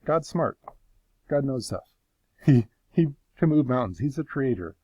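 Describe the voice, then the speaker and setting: A man's voice: medium pitch, lively intonation, moderate pace, a little mellow, no room sound, close to an everyday voice. A man voicing an anguished, pleading sufferer. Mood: frustrated. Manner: passionate, pleading, bitter. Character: anguished man arguing his innocence before God.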